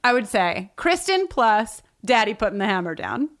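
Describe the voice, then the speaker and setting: A woman co-hosting a podcast in casual chat, animated and full of fillers and laughs, recorded over a video call. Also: medium pitch, normal speed. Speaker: podcast co-host.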